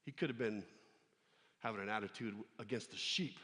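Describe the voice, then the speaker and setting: Animated preacher in a reverberant hall. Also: male voice, lowish voice, fairly quick. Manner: animated storytelling, acting out voices. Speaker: pastor. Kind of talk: sermon to students. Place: church hall.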